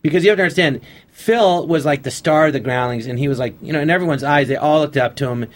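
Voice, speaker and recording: A man's voice: on the high side, fast talker. A man telling stories on radio. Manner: anecdotal, acts out past conversations in quotes. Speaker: guest comedian. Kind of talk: casual storytelling on a radio interview.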